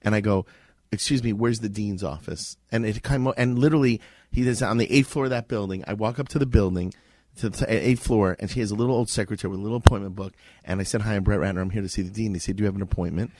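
A man telling a lively personal story as a radio show guest, acting out the people he quotes. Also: on the low side, no echo. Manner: fast animated anecdote, acts out quoted voices. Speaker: guest filmmaker.

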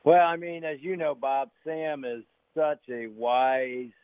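A middle-aged man, a pastor co-hosting a radio show, answering earnestly with fillers and pauses. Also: a little high, clear, resonant tone, no room sound. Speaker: pastor and co-host. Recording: dry tinny phone-like line.

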